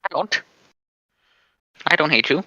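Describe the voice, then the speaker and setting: A man's voice: fairly high pitch, animated, a little slow, pushed and bright, no echo, lo-fi sound. A man chatting on a comedy podcast, hesitant and full of restarts. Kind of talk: casual comedic chat.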